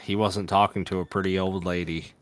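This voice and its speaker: A man's voice: sits low, level tone, fairly quick, dry recording, studio quality. A man co-hosting a podcast, telling a story in a loose, laid-back casual chat with fillers and the odd swear. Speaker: podcast co-host.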